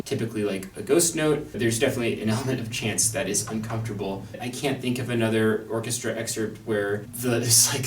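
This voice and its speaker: A man's voice: mid-range voice, a little hiss or hum. A young man teaching a violin excerpt in a thoughtful, wry manner, with fillers and restarts. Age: young adult. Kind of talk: instructional talk on an orchestral excerpt. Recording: echoey room, mic at a distance.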